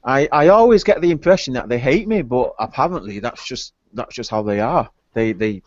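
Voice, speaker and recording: A man's voice: mid-range voice, expressive, brisk, darkish tone, no echo. Hesitant man on a dry call line. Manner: hesitant, trailing off. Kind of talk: casual chat. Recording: dry, slightly muffled call audio.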